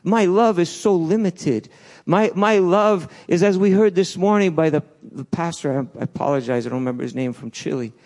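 A man preaching a sermon in a church, swinging between loud urgent peaks and soft low asides, with restarts along the way. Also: moderate pace. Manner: passionate, rises and falls, restarts, acts out quotes.

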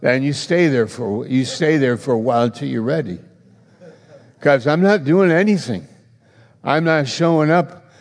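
A man's voice: medium pitch, animated, normal speed, big-room sound, voice pushed up, lightly acted. A man voicing a stern, unbending God. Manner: blunt and dismissive. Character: stern, unyielding God speaking to a sinner.

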